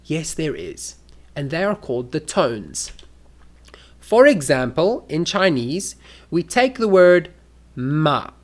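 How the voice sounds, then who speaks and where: A teacher explaining English to learners, speaking slowly and deliberately. The pitch rises and falls widely, and spoken examples are acted out with big contrasts.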